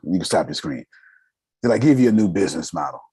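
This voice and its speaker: Brief: raspy male business mentor, emphatic and slangy, husky, dry close sound. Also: deep voice, very animated, quick pace, mellow, dry recording. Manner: emphatic, rhetorical questions, casual slang. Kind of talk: motivational teaching.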